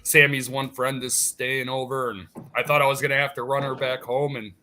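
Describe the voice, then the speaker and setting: A man from Wisconsin chats in an easygoing way, chuckling between thoughts. His voice is bright, and a faint hiss with small clicks sits under it. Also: medium pitch, flat delivery, fairly quick. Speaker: co-host. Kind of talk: casual chat.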